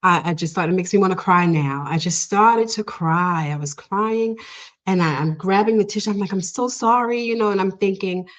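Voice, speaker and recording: A woman's voice: fairly low pitch, normal speed. A woman guest sharing a personal story in conversation, earnest and emotional, laughing often between many fillers. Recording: dull lo-fi audio.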